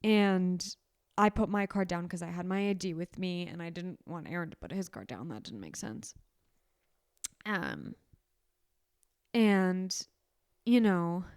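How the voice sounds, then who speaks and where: A woman's voice: medium pitch, darkish tone, no room sound, clean studio sound. A young woman co-hosting a podcast, telling a stressful story in a rambling, emotional way, with frequent restarts. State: sick. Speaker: podcast co-host. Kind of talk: casual chat.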